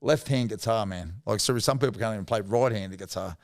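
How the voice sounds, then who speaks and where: Gravelly Australian man, emotional storyteller. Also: on the low side, quick pace, dry recording, clean studio sound. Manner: rambling, fillers, emotional. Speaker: podcast guest, former rugby league player. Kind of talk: emotional storytelling in casual chat.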